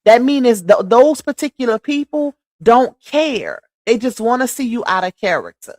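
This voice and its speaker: A woman's voice: on the high side, sing-song, normal speed, dry recording. Dry-voiced chatty woman livestreaming. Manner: chatty and preachy, addresses viewers as y'all. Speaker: livestream host. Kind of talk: casual livestream chat.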